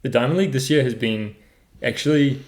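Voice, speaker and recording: A man's voice: mid-range voice, fairly quick, a little mellow. A young man with a New Zealand accent, co-hosting a casual podcast chat and laughing easily. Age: young adult. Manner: laid-back, laughs often. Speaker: podcast co-host.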